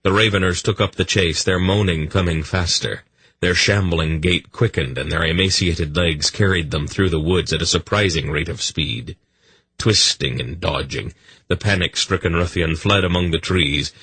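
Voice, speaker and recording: A man narrating a fantasy audiobook in an even, measured storytelling manner. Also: low voice, slightly rough, dry recording.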